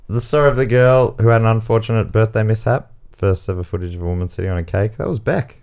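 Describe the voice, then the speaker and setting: A man's voice: lowish voice, a little fast, a little mellow, clean tone. An Australian man hosting a comedy game show podcast, reading out answers and joking with guests, often laughing. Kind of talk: casual podcast banter. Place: podcast studio.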